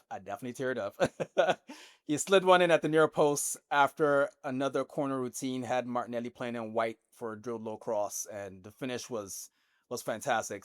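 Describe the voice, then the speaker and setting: A man's voice: mid-range voice, dry recording, clean studio sound. A man hosting a casual football podcast, joking and swearing as he recaps the match. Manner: profane, jokey, recaps match moments. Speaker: podcast host.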